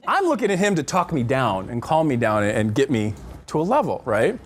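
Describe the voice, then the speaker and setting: Animated, high-voiced male marriage counselor. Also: moderate pace, slight background noise. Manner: animated and joking, acts out quotes in voices. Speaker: marriage counselor teaching a class. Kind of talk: lively lecture to a marriage class. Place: church classroom with a live group.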